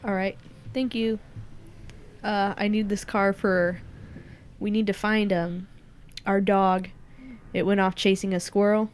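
A woman's voice: mid-range voice, flat delivery, unhurried, pauses often, smooth. A woman playing her character in a tabletop game, asking blunt, persistent questions. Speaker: player. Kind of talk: in-character tabletop role-play.

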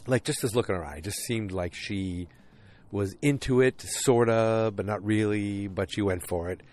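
A man's voice: on the low side, moderate pace, a little mellow. A man recapping a TV episode in casual chat, tired and getting over a cold, rambling with many fillers.

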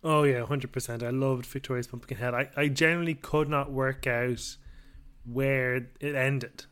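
A man co-hosting a casual podcast, relaxed and enthusiastic as he leads the review segments. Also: medium pitch, moderate pace, smooth. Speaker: podcast co-host. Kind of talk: casual chat.

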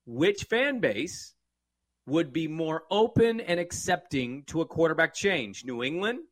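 A man's voice: a little high, expressive, no room sound. A man from the West Coast co-hosting a sports podcast, opinionated and joking in casual chat. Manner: opinionated, joking, quick asides.

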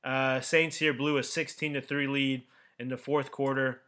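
Guy hosting a sports podcast, bright voice, loose and rambly, restarts a lot. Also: medium pitch, moderate pace. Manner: relaxed, rambling analysis with many restarts. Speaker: podcast host. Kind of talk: casual sports chat.

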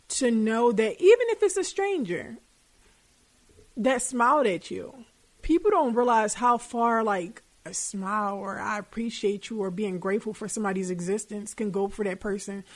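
Young woman podcast host, a little higher voice, blunt and profane, casual advice talk. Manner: candid and profane, colloquial.

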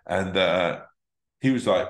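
Low-voiced male comic, rambling sweary anecdotes, roomy echo. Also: slow. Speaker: comedian guest. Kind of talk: casual podcast storytelling.

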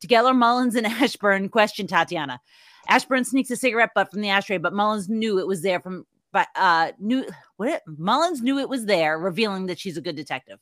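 Woman podcast co-host, bright tone, dry close mic, breezy plot recapper. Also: mid-range voice, lively intonation, fairly quick, no room sound. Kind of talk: casual movie review chat, reading plot recap.

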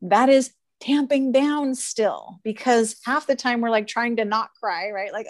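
A woman's voice: fairly high pitch, a little slow, hardly any pauses, no echo. A woman talking earnestly and emphatically in a casual conversation, laughing often as she coaches.

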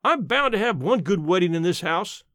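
A man reading the part of a blunt, plainspoken elderly aunt who talks in a sharp, matter-of-fact and grumbling way. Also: sits high, animated, moderate pace, dry recording, studio quality. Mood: bitter, bossy.

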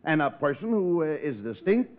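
A man's voice: a little high, sing-song, moderate pace. A man playing an exasperated straight man who lectures and scolds his partner, in a 1940s radio comedy. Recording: tinny old radio broadcast.

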